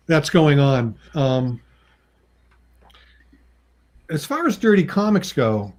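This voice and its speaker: A man's voice: very animated, takes it slowly, long pauses, darkish tone. Chatty man telling stories. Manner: chatty, acts out quoted people with pitch jumps; laughs often between remarks. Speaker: comic book writer and artist, guest. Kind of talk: casual anecdotal storytelling.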